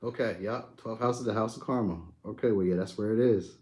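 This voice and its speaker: A young adult man talks loosely and easily on a live stream, picking up viewers' comments as they come in. His delivery is relaxed and slangy, with a friendly back-and-forth feel. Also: fairly low pitch, fairly quick. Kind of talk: casual live chat reading comments.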